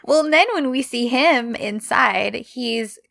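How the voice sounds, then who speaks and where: Woman, slow, gravelly, dry close sound, casual chat. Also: a little high, a bit bright, no echo. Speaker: podcast co-host.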